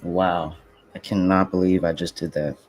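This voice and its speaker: A man's voice: low-pitched, little pitch movement, moderate pace, a little mellow. A young man trading futures live on stream, talking casually to viewers and swearing, frustrated and muttering to himself. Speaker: livestreaming futures trader.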